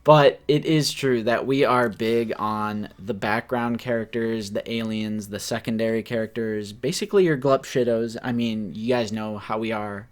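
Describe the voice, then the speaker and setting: A man's voice: lowish voice, normal speed, few pauses. Chatty man in his twenties. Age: 20s. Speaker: podcast co-host. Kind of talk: casual chat.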